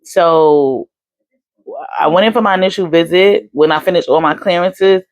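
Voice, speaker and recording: A woman's voice: on the low side, fast talker, dry recording, muffled recording. A young adult woman vlogging casually, chatty with lots of fillers. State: hiccups. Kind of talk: casual chat.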